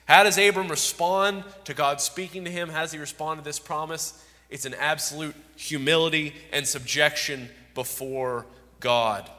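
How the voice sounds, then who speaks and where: A man's voice: on the high side, measured pace, bright, forceful tone, in a large hall. A man preaching an expository sermon, emphatic and repeating key words for stress.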